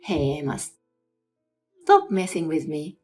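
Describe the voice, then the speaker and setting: A woman's voice: sits low, huge pitch swings, slow pace, a little mellow, faint music behind, full character voice. A woman voicing a selfish, demanding young husband in a scripted story reading, in her own plain voice. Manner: demanding, dismissive.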